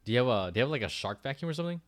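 A young man co-hosting a casual podcast, talking in a relaxed, hesitant way with many pauses and fillers. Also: medium pitch, no echo. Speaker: podcast co-host. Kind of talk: casual chat.

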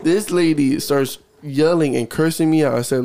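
A man's voice: fairly high pitch, normal speed, few pauses, mellow. A man co-hosting a casual podcast, animatedly telling a work story and acting out both sides. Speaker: podcast co-host.

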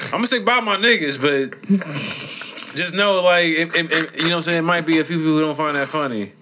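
A man's voice: on the high side, fairly quick, noisy background. A man co-hosting a podcast in casual chat, often laughing and stumbling over repeated words. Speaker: podcast co-host.

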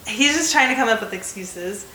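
A woman's voice: on the high side, animated, moderate pace, sharp tone, roomy sound, slight background noise, low-quality recording. A woman in her twenties with an American accent, co-hosting a casual podcast chat, talking loosely with lots of filler words. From United States. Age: 20s. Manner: chatty, many fillers. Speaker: podcast co-host.

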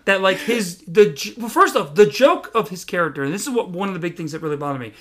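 A man's voice: sits high, animated, quick pace, fairly bright tone. A man co-hosting a movie podcast, giving strong opinions with lots of fillers. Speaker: podcast co-host. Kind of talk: casual movie discussion.

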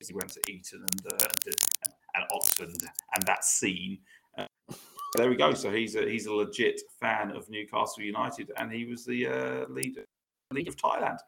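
A man's voice: fairly low pitch, steady tone, normal speed, vocal fry, background noise. A man co-hosting a casual football podcast, rambling and hesitant with lots of fillers. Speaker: podcast co-host. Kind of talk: casual chat.

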